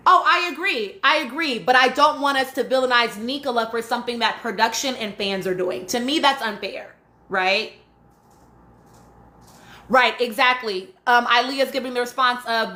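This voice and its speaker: A woman hosting a live stream reads out and answers chat comments, speaking casually and emphatically and often checking in with "right?" Her voice is a little high, pushed and bright, in an echoey room.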